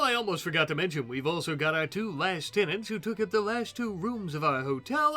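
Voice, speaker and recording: Guy doing chatty game commentary, kinda high voice, jumps around a lot, joking with his little characters. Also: bright, forceful tone. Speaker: let's play host. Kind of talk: casual gameplay commentary.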